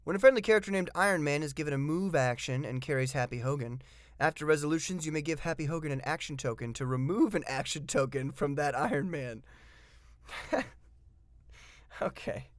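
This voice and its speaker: A man's voice: a little high, expressive, fairly quick, no echo. Chatty man reviewing game pieces, dry sound. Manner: chatty and enthusiastic, with frequent fillers; reads game rules aloud, then comments on them. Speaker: tabletop miniatures game reviewer. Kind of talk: casual hobby review.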